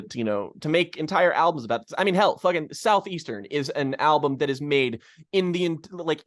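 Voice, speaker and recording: A man's voice: mid-range voice, no room sound. Ranting profane podcast man, dry sound. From Kentucky. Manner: ranting, profane, full of restarts and stammers. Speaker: podcast co-host. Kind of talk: casual opinionated music-review chat.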